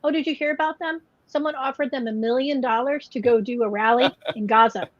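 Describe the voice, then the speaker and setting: A woman's voice: high-pitched, brisk, no room sound. A woman co-hosting a casual chat podcast, rambling with lots of "like" and "you know" fillers. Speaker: podcast co-host. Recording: dull lo-fi podcast audio.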